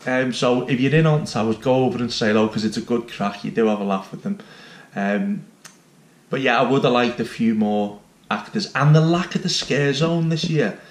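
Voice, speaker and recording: A man's voice: medium pitch, normal speed. An enthusiastic man, chatting casually as he reviews a theme park. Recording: roomy echo.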